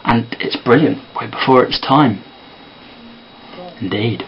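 A man talking quietly and softly to camera in a casual sit-down vlog. He sounds tired. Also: medium pitch, slow pace, long pauses, lo-fi sound. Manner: quiet and soft-spoken. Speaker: vlogger and amateur filmmaker.

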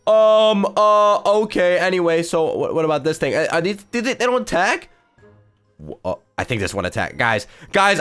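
Young dude doing a game video, jumpy, yells a lot, pretty high voice. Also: male voice, clear, resonant tone. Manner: jumpy, yelling and shrieking in mock panic. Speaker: YouTube gaming host. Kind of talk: excited gaming commentary. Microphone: desk mic with face cam.

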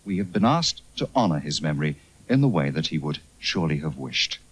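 A deep, husky announcer delivers a solemn, formal broadcast notice. His intonation rises and falls widely, giving it a grave theatrical weight. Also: big pitch swings, fairly quick. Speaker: continuity announcer.

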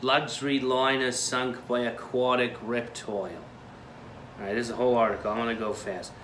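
A man's voice: medium pitch, little pitch movement, moderate pace, fairly bright tone, a little hiss or hum, natural voice. A man putting on a hammy Boston newsreader. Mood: mock-dramatic. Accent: Boston, put on. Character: man reading a news article in a put-on accent. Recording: echoey room.

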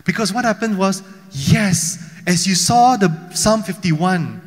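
A pastor from Malaysia preaching a sermon, telling a Bible story with many rhetorical questions. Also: male voice, high-pitched, expressive, a little slow, big-room sound. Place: church hall.

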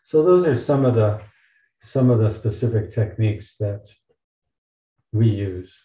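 A man who is a physician, explaining pain therapy patiently on an online panel, with gentle, caring examples. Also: on the low side, lively intonation, measured pace, reverberant, muffled recording.

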